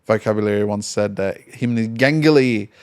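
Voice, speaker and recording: A man's voice: lowish voice, moderate pace, a little mellow. A man co-hosting a casual football podcast, blunt and argumentative, teasing his co-host.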